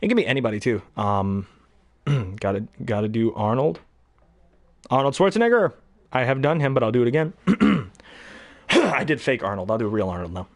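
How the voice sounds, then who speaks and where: A man's voice: mid-range voice, sing-song, normal speed, long pauses, dry recording. A young man casually chatting between impressions, rambling and hesitant with many fillers. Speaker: hobby voice actor.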